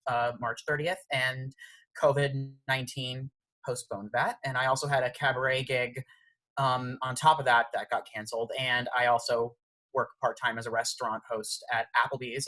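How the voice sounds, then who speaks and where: A man's voice: mid-range voice, bright, forceful tone, poor audio. A young male actor introducing himself with a few hesitations, then reciting a heartfelt monologue. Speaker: actor and singer.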